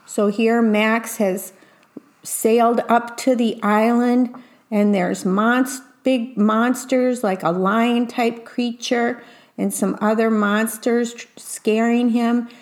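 A woman reading a picture book aloud slowly, pausing to describe each illustration in a gentle storytime manner. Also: a little high, fairly even intonation. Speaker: reader.

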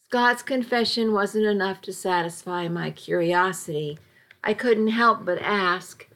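Woman narrator for a first-person audiobook; slow, measured, quietly tense read. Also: medium pitch.

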